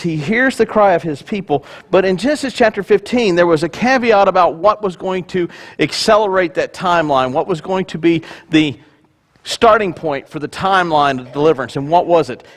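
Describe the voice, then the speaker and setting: Pastor guy preaching, pretty high voice, chatty with little jokes. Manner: conversational, joking asides. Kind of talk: sermon.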